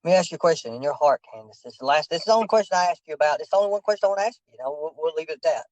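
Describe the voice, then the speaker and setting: A man's voice: on the high side, animated, racing, darkish tone, no echo, lo-fi sound. A man in a heated confrontation, insistent and preachy, repeating his questions over and over.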